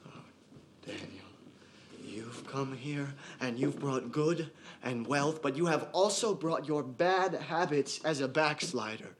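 An actor playing a zealous young male preacher who commands and accuses with booming force. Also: slow, a little hiss or hum, close to an everyday voice. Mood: accusing. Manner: booming, commanding, rises to shouts. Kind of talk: film scene, intense preaching.

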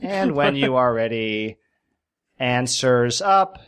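A man's voice: medium pitch, lively intonation, slow, a bit bright, smooth. A man hosting a quiz on a casual podcast, playful, spelling out words letter by letter. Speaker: quiz host.

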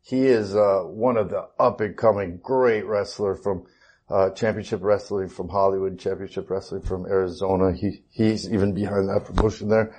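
A man's voice: low voice, steady tone, normal speed, a little mellow, husky. A man in a casual interview, telling stories in a loose, easygoing way. He laughs often and rambles a little between thoughts. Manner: laid-back, laughing, chatty storyteller. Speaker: guest, actor.

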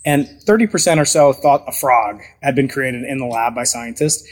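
A man's voice: medium pitch, moderate pace. Man asking long rambling questions. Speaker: interviewer. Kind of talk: conversational interview.

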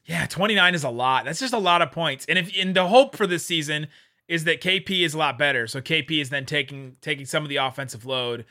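Male podcast co-host, upbeat, slightly high voice, bright tone, casual sports talk. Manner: excitable, quick to joke and laugh.

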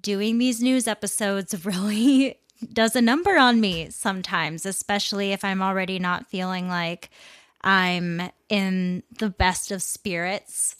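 A woman's voice: medium pitch, steady tone, measured pace, fairly bright tone, no echo. A woman hosting her own news podcast, talking candidly and casually and swearing now and then. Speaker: podcast host. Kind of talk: casual solo podcast monologue.

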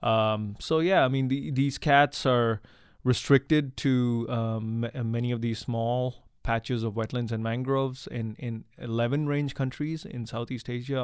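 Smooth-voiced man explaining with earnest fillers. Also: medium pitch, darkish tone, dry recording, studio quality. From India. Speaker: wildlife researcher and conservationist guest. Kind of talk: conversational interview answers.

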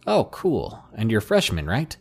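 A man's voice: on the low side, wildly swooping pitch, a little slow, vocal fry, a little mellow, breathy edge, soft background music, heavily acted. A man voicing an awkward, overeager eighteen-year-old man who is pushy and overly friendly. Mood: eager.

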